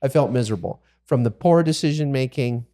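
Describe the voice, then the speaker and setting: A man's voice: medium pitch, brisk. A man co-hosting a podcast, telling a self-mocking story about a job-site injury in a casual way. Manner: self-mocking, animated when quoting himself. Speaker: podcast co-host, builder.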